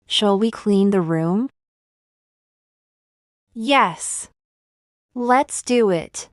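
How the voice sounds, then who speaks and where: A woman teaching everyday English phrases in a slow, deliberate, scripted lesson. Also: mid-range voice, darkish tone, no echo, clean studio sound. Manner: slow, deliberate, clearly enunciated.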